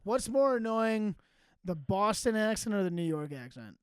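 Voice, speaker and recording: High, smooth-voiced man joking crudely. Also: big pitch swings, moderate pace, dry recording. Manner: crude, sarcastic, mock outrage. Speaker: podcast co-host. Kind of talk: casual comedic banter.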